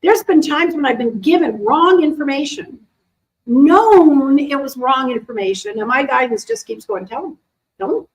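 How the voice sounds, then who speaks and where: A middle-aged woman, an animal communicator, chatting casually to a live audience and answering questions in a lively, animated way. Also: sits high, normal speed, rough recording. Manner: chatty, animated, acts out quoted voices. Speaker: animal communicator and intuition teacher.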